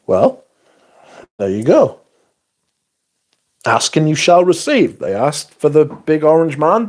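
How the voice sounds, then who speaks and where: A man hosting a livestream, chatting casually as he reads viewer comments aloud in a blunt, profane, sarcastic way. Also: mid-range voice. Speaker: livestream host.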